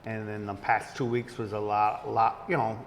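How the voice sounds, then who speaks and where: Rambling male co-host with halting speech. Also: lowish voice, little pitch movement, slight background noise. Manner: rambling, halting, filler-heavy. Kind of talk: casual comedic chat. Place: local venue with live audience. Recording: room with long reverb.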